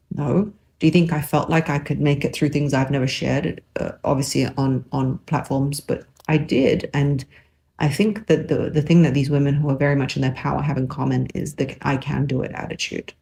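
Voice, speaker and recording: A woman in her thirties with a cold hosts a podcast from a parked car, her voice deep, creaky, warm, and slightly rough, recorded dry on a makeshift mic setup. She delivers a casual monologue to listeners, chatty, rambling, and self-mocking.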